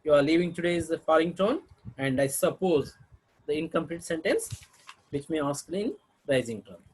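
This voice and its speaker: A man teaching English intonation in a recorded lecture, demonstrating each example sentence twice and clearing his throat now and then. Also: fairly high pitch, expressive, normal speed, rough recording.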